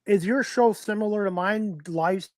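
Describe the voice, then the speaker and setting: A man's voice: sits high, a little mellow, no room sound. Polite male talk show host, dry sound. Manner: polite, halting questions with "uh". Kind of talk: live-streamed talk show interview.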